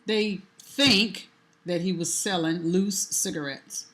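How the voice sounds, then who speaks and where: A woman's voice: on the low side, slow pace, a bit bright. A woman co-hosting a podcast in casual chat, explaining her points at length in a conversational way. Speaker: podcast co-host.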